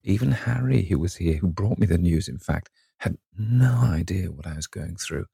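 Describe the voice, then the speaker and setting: A man reading as a vain, callous young gentleman. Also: animated, moderate pace, no echo, clean studio sound, full character voice. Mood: airy. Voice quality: low gravelly husky voice. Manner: languid and mocking, with airy flourishes.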